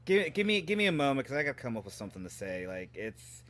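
A man with a very lively, middle-pitched voice chats on a podcast. He talks hesitantly, with many fillers. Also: quick pace. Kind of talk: casual chat.

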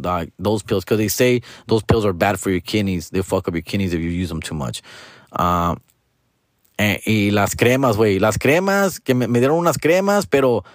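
A man's voice: fairly low pitch, no room sound, studio quality. A man in his forties with a Mexican-American accent, hosting a podcast and telling a profane, slangy story, switching between English and Spanish. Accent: Mexican-American English, code-switching to Spanish. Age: 40s. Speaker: podcast host. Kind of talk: casual storytelling monologue.

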